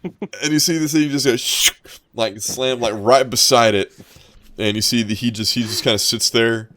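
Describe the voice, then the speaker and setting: A man's voice: medium pitch, moderate pace, a bit bright. A man narrating as game master in a tabletop game, rambling and descriptive. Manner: rambling, descriptive, many restarts.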